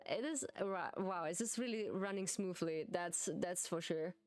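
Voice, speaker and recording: A woman streamer with a German accent, a native German speaker chatting casually in English, giggly and halting, often repeating words. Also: on the low side, a little mellow, soft background music. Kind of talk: casual live-stream chat.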